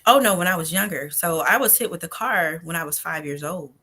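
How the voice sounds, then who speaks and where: A woman's voice: fairly low pitch, expressive, brisk, pushed and bright, slightly rough. A woman guest on a podcast, earnestly telling her personal story and sometimes dropping to a near whisper. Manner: earnest and heartfelt, drops to a near whisper at tender moments. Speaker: guest, nonprofit founder.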